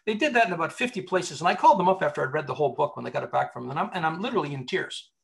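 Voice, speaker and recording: A recruiter and author appears as an interview guest, telling stories with animated emphasis in a conversational exchange. His voice is on the high side, gravelly, and delivered rapid-fire.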